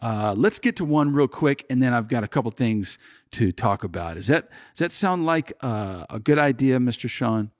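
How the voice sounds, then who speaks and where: A man's voice: mid-range voice, animated, moderate pace, no echo, studio quality. A man from Oklahoma with a slight drawl, hosting a podcast in an upbeat, rambling way. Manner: upbeat, chatty, rambling with fillers. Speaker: podcast host. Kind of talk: casual podcast chat.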